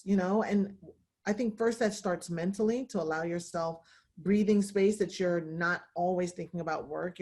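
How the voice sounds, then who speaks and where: A woman in her thirties, a guest on a video call, talking in a relaxed, encouraging way with playful asides. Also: medium pitch. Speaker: guest, law firm founder. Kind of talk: casual video-call interview.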